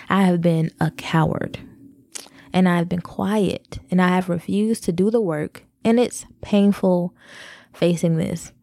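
A woman's voice: on the low side, creaky, warm tone, dry recording, clean studio sound. A woman in her thirties talking candidly to her viewers in a personal vlog, confessional and direct. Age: 30s. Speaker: vlogger.

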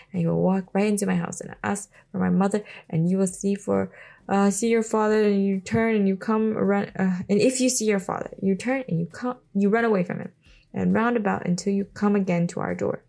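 A woman reading the lines of a gentle, devout young man, soft and earnest, often near a whisper. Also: mid-range voice, steady tone, a little fast, vocal fry.

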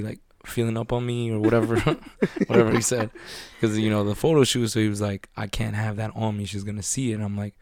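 A man's voice: fairly low pitch, gravelly, darkish tone, no room sound. A man animatedly telling a story in casual chat, acting out quotes, laughing and swearing often.

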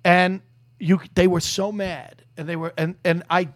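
A man co-hosting a comedy podcast, telling a story in casual chat, animated and acting out people's lines, often laughing and restarting. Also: high voice, unhurried.

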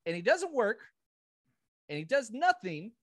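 Ranting man, fairly high voice. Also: unhurried, no room sound, clean studio sound. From Southern United States. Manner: animated, ranting, laughs often. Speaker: podcast co-host. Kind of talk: casual chat.

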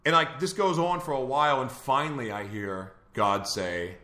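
A man's voice: mid-range voice, normal speed, few pauses, pushed and bright, roomy sound. A man hosting a live talk show, telling a personal story in a candid, earnest way. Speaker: host.

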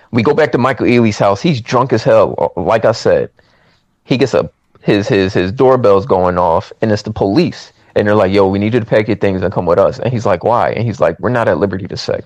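A man's voice: fairly low pitch, no echo. A man in casual chat, retelling a movie's plot and acting out the characters' lines. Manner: animated storytelling, acts out characters' lines. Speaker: movie recap podcaster.

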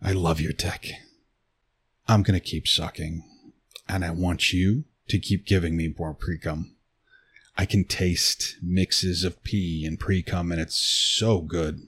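A man telling an intimate second-person erotic story, with a slow, teasing delivery into a close mic. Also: low-pitched, steady tone, fairly bright tone, slightly rough.

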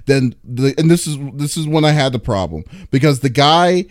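A man's voice: medium pitch, expressive, moderate pace, no echo, clean studio sound. A man hosting a gaming podcast, bantering in a boastful, emphatic way. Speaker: podcast host. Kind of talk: casual chat.

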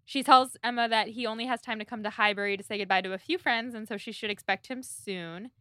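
A woman's voice: fairly high pitch, fairly even intonation, fast, bright, forceful tone, dry recording, studio quality. A woman co-hosting a podcast, chatting casually and summarizing a story's plot with playful asides. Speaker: podcast co-host. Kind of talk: casual book-club chat.

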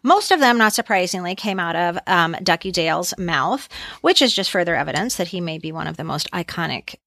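A woman's voice: fairly low pitch, expressive, brisk, vocal fry, fairly bright tone, dry recording. A woman in her fifties co-hosting a podcast, chatting with enthusiasm and quoting lines. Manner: enthusiastic, quotes film lines in voices. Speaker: podcast co-host. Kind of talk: casual chat.

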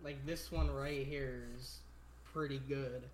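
A man's voice: medium pitch, fairly even intonation, slow, slight background noise. A man co-hosting a casual podcast, chatting loosely with lots of fillers and reading anonymous posts aloud. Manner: loose, filler-heavy talk. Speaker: podcast co-host.

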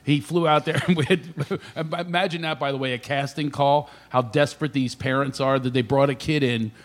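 A man's voice: medium pitch, fairly even intonation, normal speed. A male comedian telling stories on a radio talk show, often laughing through them and acting out the people in them. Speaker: comedian guest. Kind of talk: animated comic storytelling.

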